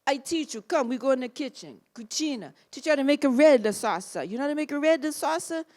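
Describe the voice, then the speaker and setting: A woman's voice: high-pitched, expressive, fairly quick, a little mellow, voice pushed up. A woman imitating an effusive, grand older Italian male film director with a put-on Italian accent, speaking broken English and repeating words. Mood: insistent.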